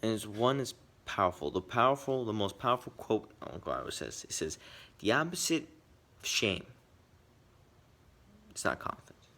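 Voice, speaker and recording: A man giving earnest personal commentary, swinging between quick bursts and quiet, reflective asides. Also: lowish voice, sing-song. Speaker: video essayist.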